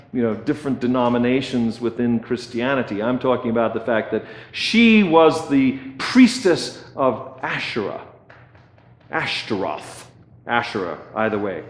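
A man's voice: mid-range voice, reverberant. A man preaching a sermon as pastor, conversational, often checking in with "okay" and repeating words as he goes.

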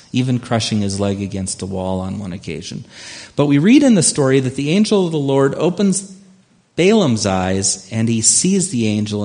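Low-voiced pastor retelling a story. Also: male voice, darkish tone. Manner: conversational storytelling, acts out voices. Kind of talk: sermon.

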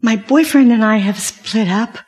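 Lady doing a whiny teen daughter, super dramatic, slow and higher. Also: a little mellow, natural voice. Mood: distraught. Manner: exaggerated dramatic complaining.

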